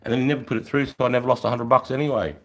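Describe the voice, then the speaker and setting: A man's voice: medium pitch, fairly even intonation, rapid-fire. A middle-aged man with an Australian accent telling a rambling story on a livestream, swearing freely and tagging lines with "right?". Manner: swearing, rambling, tags 'right?'. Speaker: livestream host. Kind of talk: casual storytelling.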